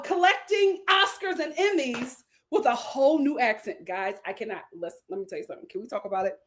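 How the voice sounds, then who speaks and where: A woman hosting a casual livestream, reading viewer comments aloud, laughing often and bursting into loud outbursts. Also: sits high, expressive, a little fast, hardly any pauses. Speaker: livestream host reading super chats.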